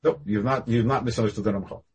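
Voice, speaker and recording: A man giving a Torah class over a video call, talking animatedly with sudden jumps up and down in pitch and loudness. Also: fast, husky. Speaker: rabbi teaching a class.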